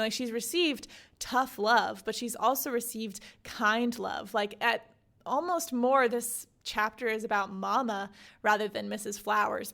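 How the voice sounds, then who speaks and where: A young adult woman hosting a book podcast, summarizing a memoir in a chatty, animated way full of "like" and "you know". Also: mid-range voice. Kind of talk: casual book summary with read-aloud excerpts.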